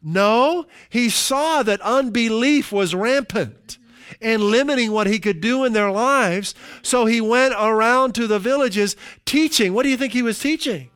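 A middle-aged male pastor preaching with a high, smooth and resonant voice. He slows down to stress key phrases, then eases into chatty, everyday asides. The sound is dry and close. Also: a bit bright, dry recording. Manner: slows down for emphasis, conversational asides. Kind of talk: sermon.

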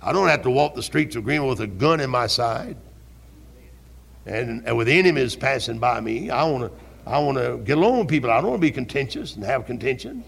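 An older man preaching a fervent sermon as pastor in a church, repeating his questions and rising to shouts. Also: medium pitch, expressive, fairly quick, vocal fry. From American South. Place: church sanctuary. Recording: 1971 archival church recording.

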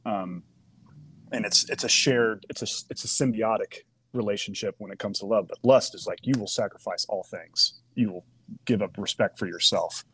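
A man's voice: on the low side, moderate pace, pushed and bright, slight background noise. A man as a podcast guest, reflecting in casual chat and retelling old conversations.

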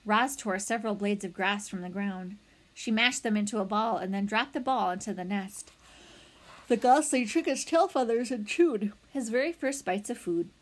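A woman reads a children's storybook aloud in an expressive, animated way. She has a mid-range voice and speaks at a moderate pace.

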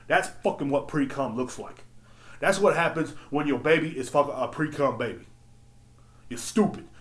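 Blunt, cursing podcast host; fairly high-pitched male voice recorded in an echoey room. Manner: profane, animated, blunt. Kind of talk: casual storytelling rant. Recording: roomy echo.

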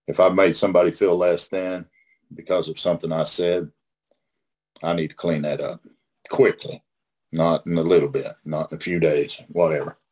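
A middle-aged man from Oklahoma talks through a recovery study in a casual, teaching tone. His voice sits low and has a husky, grainy edge. He is folksy and emphatic and often repeats a phrase to press the point. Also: a little mellow. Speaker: host leading a recovery study.

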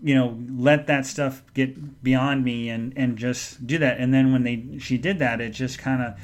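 A middle-aged man hosting a podcast, telling a personal story in a halting, rambling way and often going quiet and emotional. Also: mid-range voice, steady tone. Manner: rambling, halting, full of restarts. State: emotional, subdued when speaking of his mother. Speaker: podcast host.

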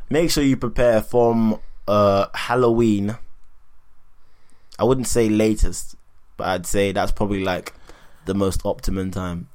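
Laid-back man, low voice. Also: steady tone, a little slow, a little mellow. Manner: slangy, teasing, laid-back. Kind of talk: casual chat.

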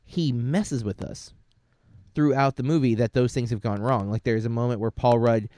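A young man, a teacher, chatting casually about a movie in an animated, sarcastic way, acting out quotes as he goes. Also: mid-range voice, moderate pace, no echo. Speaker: co-host reviewing a movie. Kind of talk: casual chat.

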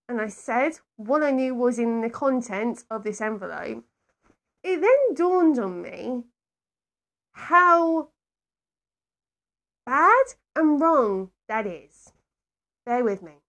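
A woman hosting a solo podcast, telling a rambling story with emphatic asides to her listeners. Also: high-pitched. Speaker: podcast host.

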